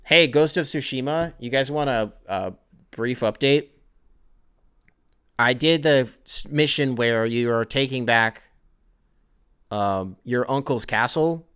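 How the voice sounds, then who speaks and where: A young man talks through his own podcast alone, wandering from topic to topic in a casual, profane ramble. His voice is bright and forward, sitting at an ordinary male pitch, and he drifts into self-deprecating asides. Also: slow pace, long pauses, clean tone. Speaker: podcast host. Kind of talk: solo casual podcast rant.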